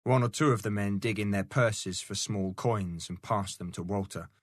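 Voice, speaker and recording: A man narrating a novel aloud in a steady, measured storytelling manner. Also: fairly low pitch, no room sound, clean studio sound. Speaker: audiobook narrator. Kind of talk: scripted narration.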